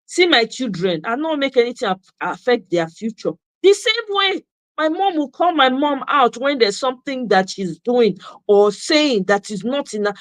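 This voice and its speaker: A woman's voice: high-pitched, very animated, normal speed, no echo. A woman with a Nigerian accent delivering an impassioned monologue, repeating herself for emphasis and slipping into Pidgin asides. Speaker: commentator. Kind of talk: passionate monologue.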